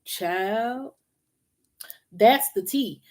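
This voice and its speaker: A Los Angeles woman with a Southern country drawl chats casually to viewers on a spiritual live stream, slangy and informal and laughing often. Her voice is medium-pitched, a little mellow, and extremely slow.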